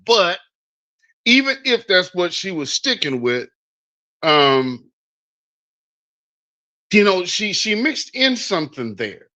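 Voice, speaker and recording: A man with a high, sharp-toned voice hosts news commentary on politics, delivering it bluntly, sarcastically and emphatically. The recording is dull and lo-fi.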